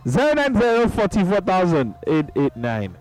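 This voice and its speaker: Here the Nigerian-accented radio host's voice is high and darkish, swooping wildly in pitch at a moderate pace. Jovial and quick to laugh, he drifts into Pidgin as he reads out messages during the casual call-in chat. It's a low-quality broadcast recording with faint background music.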